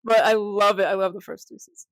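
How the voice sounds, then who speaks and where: A woman's voice: mid-range voice, fast, no room sound. A woman co-hosting a casual podcast, retelling scenes with lots of laughter and playful put-on voices. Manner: animated storyteller, laughs often, acts out quotes. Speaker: podcast co-host. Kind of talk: casual chat. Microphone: cheap desk mic.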